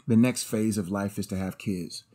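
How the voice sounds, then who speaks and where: A young man co-hosting a podcast in casual chat, animated and slangy, often acting out other people's voices. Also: lowish voice, moderate pace. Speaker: podcast co-host.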